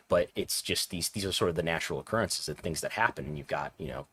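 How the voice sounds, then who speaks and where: A man co-hosting a podcast, talking through numbers in an analytical, measured way, thinking aloud. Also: sits low, fairly bright tone, slight background noise. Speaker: podcast co-host. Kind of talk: casual podcast chat.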